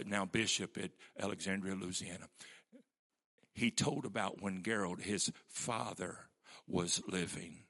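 A man's voice: deep voice, fairly bright tone. A man preaching a sermon as pastor, telling stories with strong emphasis.

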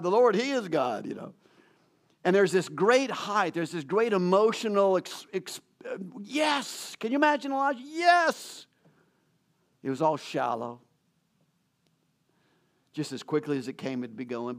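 A man with a fairly high voice preaches a sermon in a conversational storytelling way. He acts out each character's lines and keeps going through fillers and restarts. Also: animated, normal speed. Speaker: pastor.

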